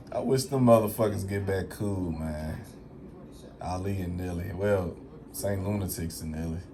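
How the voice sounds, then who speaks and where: A vlogger talks casually to camera in a low, slightly slow voice over crowd noise. His monologue is slangy and emphatic, with free swearing and phrases repeated for emphasis.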